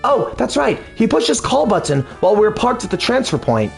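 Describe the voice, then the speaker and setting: A man's voice: high-pitched, big pitch swings, brisk, gravelly, soft background music, pitched above the performer's own voice, heavily acted. A man voicing a lazy, half-asleep young female flight attendant who drawls and fills her speech with "like" and "uh".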